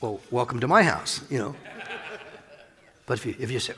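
Male pastor, bright raspy-edged voice, casual conversational sermon in a reverberant sanctuary. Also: mid-range voice, fairly quick, long pauses. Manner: conversational, animated preaching with chuckles and asides. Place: church sanctuary. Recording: long reverb of a large hall.

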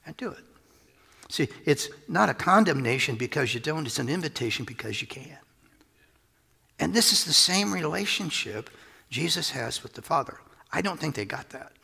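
A man preaching through a Bible passage, animated, often laughing and dropping to a whisper for emphasis. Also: mid-range voice, moderate pace, vocal fry, long pauses, breathy edge, in a large hall. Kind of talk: expository Bible teaching.

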